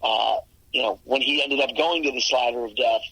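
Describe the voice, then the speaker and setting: A man co-hosting a sports podcast in casual chat, analytical and quick to correct details, with a husky voice. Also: mid-range voice, bright, forceful tone, no room sound, rough recording. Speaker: podcast co-host.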